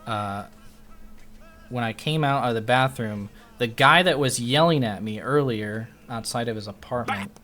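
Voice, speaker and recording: A man streaming live, his voice medium-pitched and a bit bright, casually recounts a story. It's rambling and profane, and he keeps interrupting himself to start sentences over.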